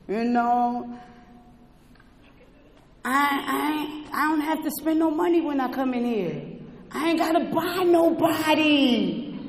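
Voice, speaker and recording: A person sharing a personal recovery testimony at an indoor meeting, talking with passion and swinging between quiet and shouting. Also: sits high, expressive, takes it slowly, long pauses. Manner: impassioned, swings from soft to shouting. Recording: roomy echo with long hall reverb.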